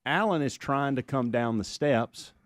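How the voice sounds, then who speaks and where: A man, co-hosting a radio talk show and telling a rambling, animated story with many restarts. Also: mid-range voice, measured pace, no room sound, studio quality.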